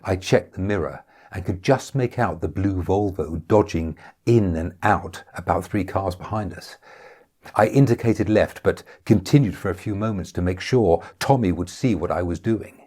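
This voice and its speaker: A man reading his own novel aloud as a first-person audiobook, measured and dry. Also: low-pitched, a little mellow, slightly rough.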